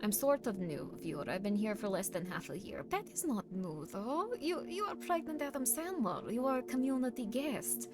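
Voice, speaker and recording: A woman hosting a casual livestream, chatting with viewers and reading their messages, teasing them playfully and at times pressing hard with loud, insistent demands. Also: a little high, expressive, normal speed, few pauses. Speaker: livestream host. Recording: stream with music playing underneath. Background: clear background music.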